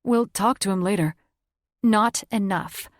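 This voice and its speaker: A woman's voice: medium pitch, a little slow, dry recording, studio quality, lightly acted. A woman voicing a fiery twenty-year-old shifter heroine who snaps angrily and speaks bluntly, in an audiobook. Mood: furious. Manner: angry, snapping, blunt.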